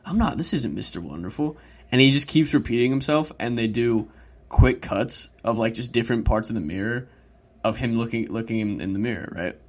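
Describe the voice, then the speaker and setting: A man's voice: mid-range voice, brisk. A young man co-hosting a wrestling podcast, retelling a scene with laughs and quoted lines in a casual chat. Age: young adult. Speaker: podcast co-host.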